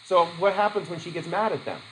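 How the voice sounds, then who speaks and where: Man lecturing a class, lively. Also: high-pitched, fast, slight background noise, poor audio. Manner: lively, acts out quoted voices, laughs easily. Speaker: teacher.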